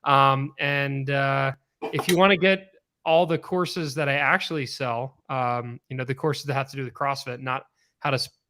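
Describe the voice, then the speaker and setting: Bright, upbeat podcast host man. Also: mid-range voice, fairly even intonation, normal speed. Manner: upbeat, rambling, with many fillers. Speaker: podcast host and CrossFit coach. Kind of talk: casual live podcast chat.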